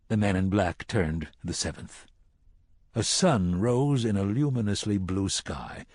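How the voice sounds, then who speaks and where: A man narrating a dark fantasy audiobook in a slow, dramatic reading. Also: lowish voice, no room sound. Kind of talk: scripted narration.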